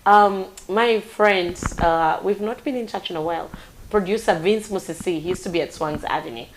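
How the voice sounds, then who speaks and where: A Ugandan woman hosting a live talk show, speaking in a heartfelt, animated way with big swings in pitch and loudness. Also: moderate pace, background noise. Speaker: radio and online talk show host.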